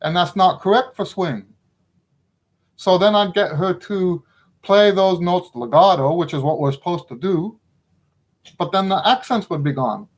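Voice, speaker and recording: A man's voice: high voice, measured pace. A middle-aged man teaching trumpet in a casual spoken lesson, frank and opinionated, often checking in with the listener.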